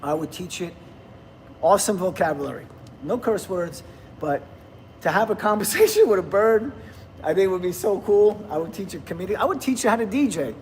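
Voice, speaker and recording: A man's voice: sits high, expressive, fairly quick, slight background noise. A middle-aged man, hosting a casual livestream, chatting, laughing and reading viewer comments aloud. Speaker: livestream host.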